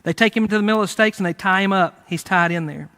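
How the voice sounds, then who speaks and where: Bright-voiced male preacher telling a story. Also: high voice, fast talker, clear, resonant tone. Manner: lively storytelling, conversational, with fillers. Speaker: pastor. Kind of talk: sermon.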